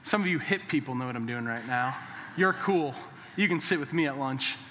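A man's voice: mid-range voice, animated, brisk, background noise. A male pastor preaching a sermon in a church, emphatic and repetitive, with playful joking asides. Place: church sanctuary. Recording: long reverb of a large hall.

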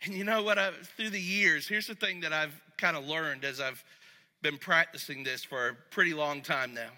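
Bright-voiced preacher in a reverberant hall. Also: male voice, normal speed. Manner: conversational preaching, dropping soft and low for scripture. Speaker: pastor. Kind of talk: sermon. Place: church sanctuary. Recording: long reverb of a large hall.

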